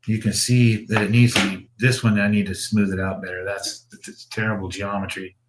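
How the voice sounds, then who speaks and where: A man's voice: fairly low pitch, flat delivery, moderate pace, noisy background. Rambling, swearing man at his workbench. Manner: rambling, profane, chuckling. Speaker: slot car builder and show host. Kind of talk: casual livestream chat.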